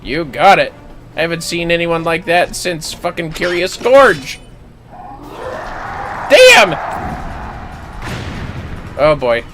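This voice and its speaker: Brief: playful male game streamer, high lively voice, unhurried. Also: soft background music. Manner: playful, joking. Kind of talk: casual gaming commentary.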